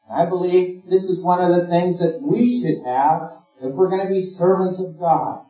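Male preacher, earnest sermon delivery, voice a touch higher than most men, recorded from a distance, dull lo-fi sound. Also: steady tone, normal speed. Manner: earnest, rising and falling emphasis. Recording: roomy, distant, dull lo-fi sound with faint music.

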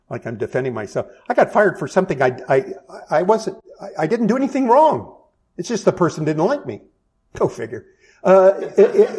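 A man's voice: mid-range voice, a little mellow. A middle-aged man preaching a sermon as pastor, conversational, with self-deprecating asides and frequent restarts.

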